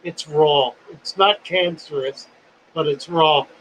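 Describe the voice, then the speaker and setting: A man's voice: fairly high pitch, slow, fairly bright tone, breathy edge, low-quality recording. A man in his seventies hosting a livestream in a casual, folksy, rambling way, phlegmy and coughing now and then. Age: 70s. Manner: folksy, rambling, self-deprecating. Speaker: host.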